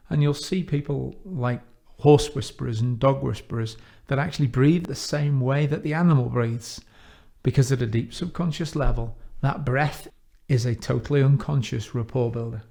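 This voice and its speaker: A man giving an instructional talk on coaching, measured and deliberate, slowing down to stress key phrases. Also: mid-range voice, vocal fry, a little mellow. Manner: measured, with emphatic slowed phrases. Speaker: coaching trainer.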